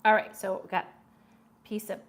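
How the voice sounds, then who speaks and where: A woman's voice: a little slow, slight background noise. A woman hosting a casual live-stream food review, chatty and enthusiastic, reading viewer comments aloud.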